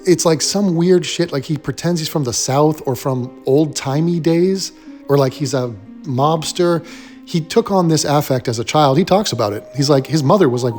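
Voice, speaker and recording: A man delivers a blunt, sarcastic film rant in a slightly higher-than-average voice, swearing freely. He talks as a commentary host airing his verdict. Faint music sits low behind him. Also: moderate pace, darkish tone.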